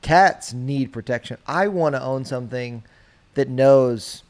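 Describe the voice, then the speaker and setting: A male podcast co-host arguing his side in a casual mock debate, persuasive and fond of dramatic pauses. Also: medium pitch.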